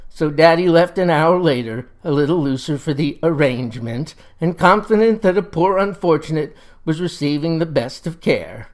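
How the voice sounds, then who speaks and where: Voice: mid-range voice, expressive, moderate pace. Wry, leisurely folksy storyteller. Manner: wry, leisurely yarn-spinning.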